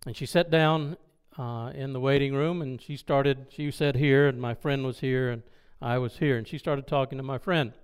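A man telling a personal story in a sermon, animated and acting out the dialogue. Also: mid-range voice, normal speed, few pauses, clear, resonant tone. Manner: loud when excited. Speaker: preacher.

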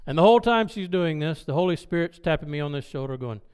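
A man telling a personal story in a sermon, animated and acting out the dialogue. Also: fairly high pitch, fast, clear, resonant tone. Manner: loud when excited. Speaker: preacher.

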